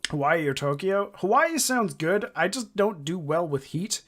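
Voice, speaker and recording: A man's voice: high voice, sing-song, a little slow, fairly bright tone. A man from Indiana chatting casually over a game playthrough, rambling and joking with frequent swearing. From Indiana, USA. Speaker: gaming streamer. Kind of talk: casual let's-play commentary.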